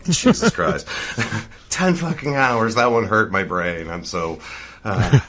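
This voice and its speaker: A man's voice: on the low side, very animated, slow, a bit bright. A man from Eastern Canada, a guest on a podcast, chatting casually. He swears freely and giggles a lot. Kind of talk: casual chat.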